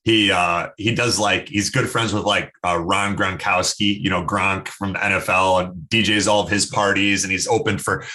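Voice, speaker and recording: Podcast guest: man, lowish pitch, forceful bright tone, animated storyteller, casual filler-heavy delivery. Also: normal speed, hardly any pauses. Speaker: podcast guest, health expert. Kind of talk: casual interview talk.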